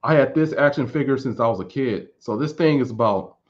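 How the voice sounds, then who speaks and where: A man in his thirties in casual chat, answering viewer questions in a relaxed, rambling way and repeating words as he thinks. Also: mid-range voice, fairly quick. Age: 30s. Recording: dull lo-fi recording.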